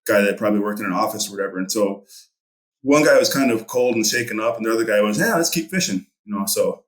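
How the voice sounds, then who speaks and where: A man's voice: lowish voice, fast talker, roomy sound. A middle-aged man and fishing guide, telling a story casually in a rambling way with many fillers. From Montana.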